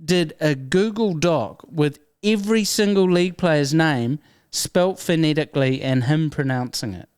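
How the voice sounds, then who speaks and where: A man with a New Zealand accent, a guest comedian telling stories in a casual interview, animated and often laughing. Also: a little high, measured pace, hardly any pauses, clear, resonant tone, no room sound, clean studio sound.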